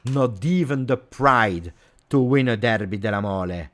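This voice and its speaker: A man's voice: medium pitch, measured pace. A man with an Italian accent hosting a live football reaction, ranting angrily and repeating himself. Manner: angry, repetitive ranting. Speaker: fan channel host.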